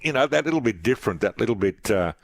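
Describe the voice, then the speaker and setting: Australian male radio host with a low voice, dry studio sound, earnest. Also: animated, fast, gravelly, no echo. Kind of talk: radio interview.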